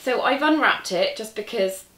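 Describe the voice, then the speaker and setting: A woman chatting excitedly in a casual vlog, gushing as she unboxes a parcel, a little away from the camera. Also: on the high side, normal speed, echoey room, slight background noise. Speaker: crochet vlogger. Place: indoor room at a table. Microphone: camera set back from her.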